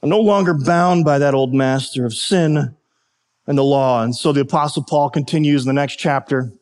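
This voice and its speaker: A man's voice: mid-range voice, normal speed, darkish tone. A pastor telling a personal football story in a sermon, and he acts out his coaches when he quotes them.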